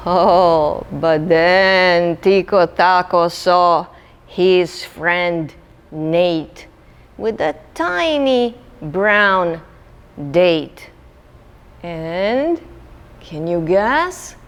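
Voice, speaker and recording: A woman's voice: lowish voice, big-room sound. A woman librarian leading a children's storytime, reading aloud and asking young listeners questions.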